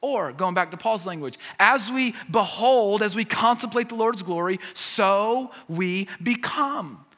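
A man's voice: sits high, lively intonation, measured pace, few pauses, a bit bright, long reverb tail. An American man preaching a sermon as a pastor, conversational and repeating his key phrases, with self-deprecating humor.

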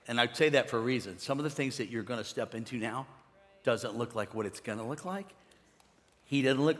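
A pastor from Missouri preaching a sermon in a large church, telling a story and swinging between hushed and shouting. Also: male voice, mid-range voice, expressive, normal speed, a faint crowd. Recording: long church hall reverb.

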